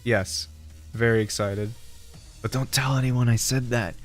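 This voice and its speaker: A man's voice: medium pitch, fairly even intonation, a little slow. A man streaming, chatting casually in a joking, rambling way, often laughing at his own jokes. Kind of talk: casual chat. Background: faint background music.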